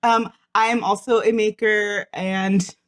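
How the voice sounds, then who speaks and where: Woman podcast co-host, casual and giggly, rambles and restarts, mid-pitched voice. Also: level tone, measured pace. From Washington state, US. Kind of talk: casual chat.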